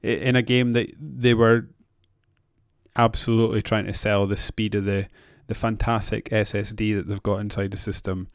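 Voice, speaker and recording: A man's voice: lowish voice, little pitch movement, normal speed, dry recording. Man, podcast co-host, casual chat, hesitant, laughs often, dry sound. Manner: hesitant, restarts often, laughs between remarks.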